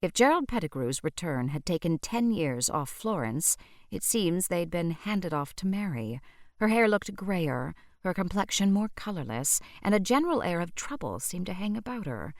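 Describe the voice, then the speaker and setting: A woman narrating an audiobook in a measured storytelling manner. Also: fairly low pitch, sing-song, darkish tone, no room sound, clean studio sound.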